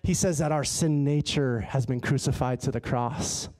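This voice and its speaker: A man preaching a sermon in a church, telling a personal story in a lively, conversational way. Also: medium pitch, moderate pace. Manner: animated and conversational, acts out his own dialogue. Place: church sanctuary.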